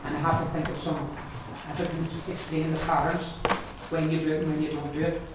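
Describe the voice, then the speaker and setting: A man with an Ulster accent teaches Irish pronunciation, patiently explaining and modelling each word slowly before repeating it. His slightly high, level voice sounds distant in a very echoey classroom, with the mic far off and background noise audible.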